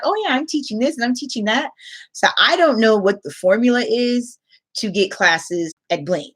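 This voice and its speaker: A young adult woman, an online English teacher, chatting casually on a livestream, reading out viewer comments and laughing often. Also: medium pitch.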